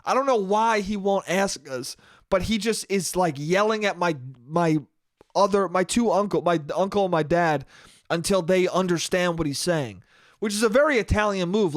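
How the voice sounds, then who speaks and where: A man's voice: high-pitched, moderate pace, no echo, studio quality. A young man hosting a casual solo podcast, rambling and swearing, slangy with "dude" and "bro". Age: young adult. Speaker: podcast host.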